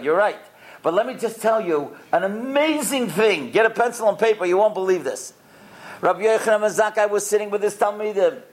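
A man teaching a lesson to boys and adults, telling stories with lively acted-out quotes and asking the listeners questions. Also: sits high. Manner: lively, acts out the quoted characters, quizzes the listeners. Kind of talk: animated storytelling lesson with questions to the audience.

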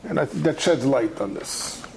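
A man with a slightly high voice and some vocal fry, heard on a rough recording, gives a Talmud study lecture at a moderate pace. As the teacher, he talks animatedly and conversationally, acting out the texts he quotes.

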